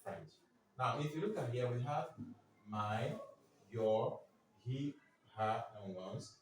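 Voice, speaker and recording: A man's voice: mid-range voice, slow pace. A man teaching French to a class, prompting students with questions and drilling words for them to repeat. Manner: keeps asking the class "what?" for them to fill in answers. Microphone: far from the speaker. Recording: very echoey room, distant mic, faint noise.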